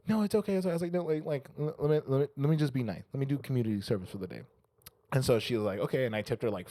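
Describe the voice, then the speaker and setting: A man's voice: mid-range voice, warm tone, no room sound. A man co-hosting a casual podcast, telling a long anecdote and acting out the people in it, with frequent swearing. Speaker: podcast co-host. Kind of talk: casual chat, storytelling.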